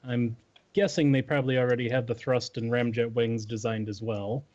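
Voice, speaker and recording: A man's voice: medium pitch, level tone, normal speed, darkish tone. A man hosting a podcast, casually moving the group through news topics with some fillers. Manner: moderating, leading topics with fillers. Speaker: podcast host. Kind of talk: casual chat. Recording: dull lo-fi podcast audio.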